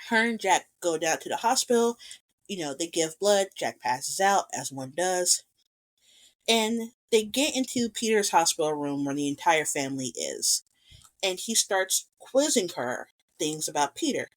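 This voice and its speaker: A woman's voice: on the low side, a little slow. A woman casually talking through a film's plot, retelling scenes and acting out the characters' lines as she goes. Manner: animated retelling, acting out quotes. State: recovering from strep throat. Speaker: podcast co-host. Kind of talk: casual film discussion.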